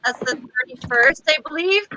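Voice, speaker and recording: A woman's voice: high-pitched, expressive, moderate pace, sharp tone, soft background music, low-quality recording. A woman comedian chatting casually and a bit apologetically on a video-call mic. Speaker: comedian, contestant. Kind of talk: casual chat.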